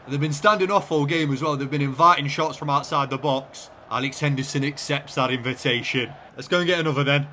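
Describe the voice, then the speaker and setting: A man giving lively play-by-play commentary on his own video game, swinging from quiet muttering to shouting at the big moments. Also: on the high side, slight background noise. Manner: excitable, shouts at goals, banter. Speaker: gaming YouTuber.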